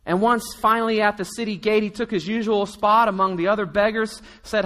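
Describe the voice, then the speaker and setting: A man's voice: sits high, fairly even intonation, fairly quick, pushed and bright, long reverb tail. A man preaching a sermon in a casual storytelling way, acting out the people in the story. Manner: storytelling, conversational, acts out quotes. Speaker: pastor.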